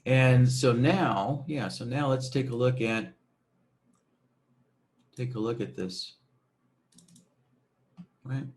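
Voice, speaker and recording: A man explains a software tool over a screen recording at a mid-pitched, everyday register. His delivery is loose and conversational, dotted with "you know" and "um" and frequent "right?" check-ins. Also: takes it slowly, pauses often. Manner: casual, many fillers and tag questions. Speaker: software tutorial presenter.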